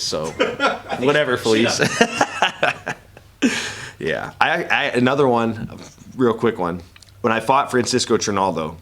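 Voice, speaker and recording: A man in his thirties with a lowish voice, fielding questions at a press session. He rambles casually, restarts his sentences often and laughs through his stories. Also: a bit bright. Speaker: professional fighter and analyst. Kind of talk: media interview answers.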